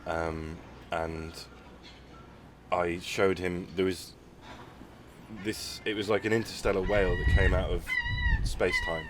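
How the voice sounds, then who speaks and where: Deep-voiced man, rambling podcast host. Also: wildly swooping pitch, a little slow, background noise. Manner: rambling, many restarts and fillers. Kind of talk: casual conversation.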